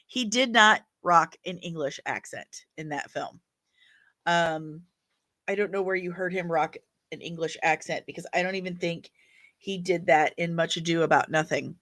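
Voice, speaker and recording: A woman's voice: fairly low pitch, measured pace, a bit bright. A woman hosting a casual livestream, chatty and opinionated as she reacts to viewer comments. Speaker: livestream host reading chat.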